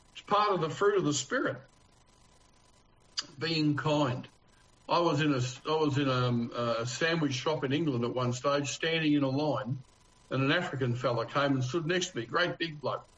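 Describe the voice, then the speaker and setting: A man's voice: on the high side, moderate pace, a bit bright. A man with an Australian accent preaching a conversational sermon as pastor, earnest and homely, with rhetorical questions to his congregation. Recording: dull, lo-fi sound.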